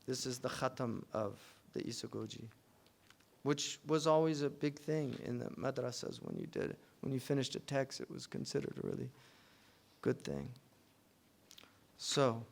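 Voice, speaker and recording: A man teaching a class on logic, explaining in a loose, conversational way with fillers and restarts, and reciting Arabic text quickly. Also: mid-range voice, expressive, gravelly.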